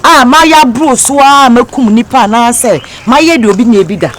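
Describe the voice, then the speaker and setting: A woman's voice: fairly high pitch, lively intonation, a little fast, slight background noise, close to an everyday voice. A woman with a Ghanaian accent playing a miserable young wife who complains about her husband in a mix of Twi and Pidgin English. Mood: upset. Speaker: distressed wife. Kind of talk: Ghanaian comedy film acting.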